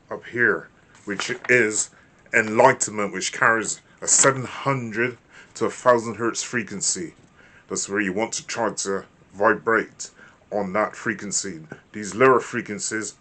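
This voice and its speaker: A man's voice: on the low side, bright, forceful tone. A man hosting his own channel, giving a lecture-style monologue in an emphatic, repetitive way and often checking in with the listener. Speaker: channel host.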